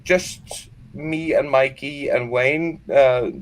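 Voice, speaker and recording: A man's voice: medium pitch, fairly even intonation, takes it slowly. A man with a picked-up Scottish accent, telling rowdy, profane stories in a casual livestream chat. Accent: Scottish-tinged. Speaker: podcast guest.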